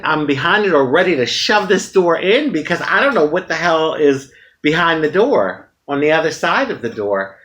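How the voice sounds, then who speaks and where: Woman, from the US, casual vlog storytelling, frank and dramatic, swinging pitch. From United States. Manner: frank, animated, dramatic retelling with frequent laughter. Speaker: vlogger.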